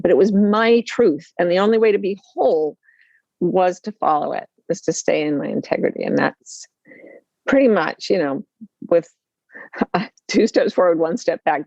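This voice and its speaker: A low-pitched woman talks frankly about her life, slipping into the voices of the people in her stories and joking at her own expense. The audio is dry and dull, like a lo-fi remote call mic. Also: vocal fry, dry recording. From Utah, USA. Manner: lively, self-deprecating humor, acts out quoted voices. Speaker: author and life coach. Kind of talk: candid storytelling interview.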